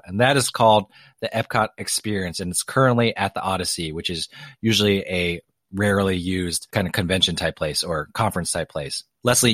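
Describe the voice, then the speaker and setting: A man co-hosting a casual podcast chat, relaxed and conversational, steering the talk from topic to topic. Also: lowish voice, no room sound, clean studio sound. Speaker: podcast co-host.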